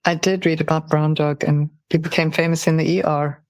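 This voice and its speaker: A podcast host leads an interview with calm, measured, thoughtful questions. The recording is dry and close, with no room sound. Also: mid-range voice, no room sound.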